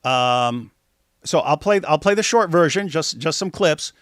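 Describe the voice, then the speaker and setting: A man with a slightly high voice hosts a livestream, commenting on clips in a sarcastic, disbelieving tone. He often stammers and restarts, and the sound is close and dry. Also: lively intonation, measured pace, a bit bright, smooth, dry recording. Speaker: host.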